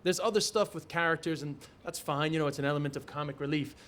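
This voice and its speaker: Fast-talking Irish man on a panel. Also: a little high, a bit bright. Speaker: comedian panelist. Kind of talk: panel discussion. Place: festival venue before an audience.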